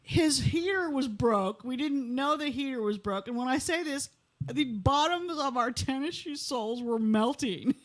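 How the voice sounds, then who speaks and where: A middle-aged woman with a high voice, telling a story on a podcast. She talks in an animated way and laughs as she goes, casual and loose. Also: a little slow. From Missouri, USA. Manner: animated, laughs through her own story. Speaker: podcast co-host.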